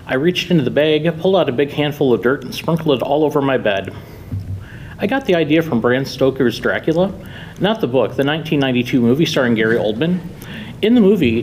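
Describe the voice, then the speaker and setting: A man reading his own short story aloud at a live reading, with wry, deadpan humor. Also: medium pitch, slight background noise, poor audio. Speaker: author reading own fiction.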